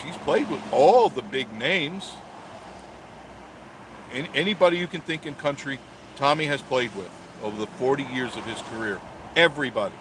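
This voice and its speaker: A man's voice: medium pitch, background noise. Joking man in his sixties hosting live. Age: 60s. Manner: joking, sarcastic, chatty. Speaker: live stream host. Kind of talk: casual live chat reading viewer comments.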